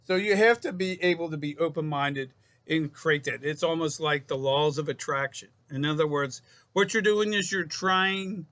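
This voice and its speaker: A man's voice: a little high, fairly bright tone. A man speaking as a psychologist in a casual self-help talk to camera. He rambles, repeats and restarts his phrases, and calls his viewers folks.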